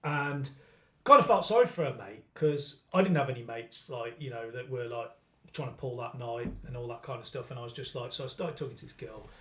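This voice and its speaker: A man's voice: mid-range voice, a little fast, a bit bright. A British man on a comedy podcast, telling a crude story in casual banter and acting out the quoted lines. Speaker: podcast host. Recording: echoey room.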